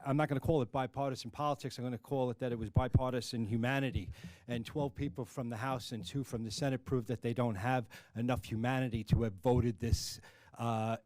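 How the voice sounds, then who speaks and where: A union president with a thick Brooklyn accent speaks at a press conference, plainspoken and halting, stopping often on fillers. His voice sits at an ordinary pitch for a man. The sound is close and dry. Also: a little mellow, dry recording.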